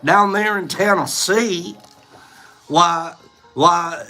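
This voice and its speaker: Hosting his own livestream, a man chats casually and slowly in a high, bright voice whose pitch swings widely. He's animated, rambling playfully and laughing easily, with soft music playing faintly in the background.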